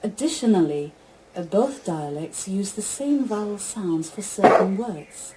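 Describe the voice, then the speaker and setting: A synthetic female voice of an AI assistant giving even, stilted spoken replies. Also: medium pitch, measured pace, background noise. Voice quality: even, stilted text-to-speech delivery.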